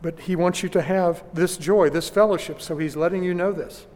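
A man's voice: high-pitched, steady tone, moderate pace, few pauses, a little mellow, long reverb tail. A man preaching a sermon to his congregation, earnest and questioning his listeners. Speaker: pastor.

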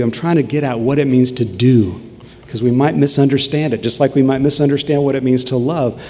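A man preaching a sermon as a pastor, earnest, dropping to a hush and then rising to emphatic peaks. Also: medium pitch, brisk, in a large hall.

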